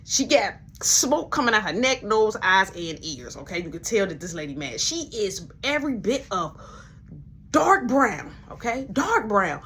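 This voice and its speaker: A young woman telling a story in casual chat, animated and acting out the voices of everyone involved. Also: mid-range voice, measured pace, slight background noise. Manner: animated, acts out every voice, laughs along.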